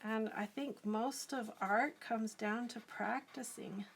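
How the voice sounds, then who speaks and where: A woman's voice: fairly high pitch, fairly even intonation, slow. A middle-aged woman artist chatting casually on a live stream, giggling often and answering viewer comments as she draws. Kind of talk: casual live-stream chat while drawing.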